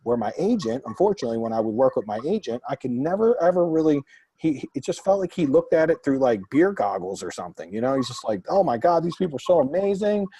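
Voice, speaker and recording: A man hosting a group Q&A, telling blunt, animated stories full of quoted dialogue. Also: mid-range voice, quick pace, slightly rough, no echo, low-quality recording. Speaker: real estate investor and mastermind host. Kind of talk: casual group Q&A coaching.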